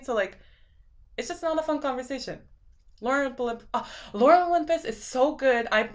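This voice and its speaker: A young woman with a lisp, chatting casually on a live stream and reading viewer comments out loud, rambling with lots of fillers. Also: fairly high pitch. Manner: rambling, filler-heavy, laughs often.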